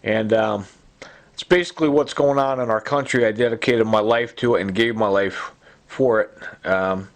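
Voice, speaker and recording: A sleep-deprived man talking in a rambling, agitated monologue, halting and repeating himself with many fillers. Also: on the low side, steady tone. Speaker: vlogger.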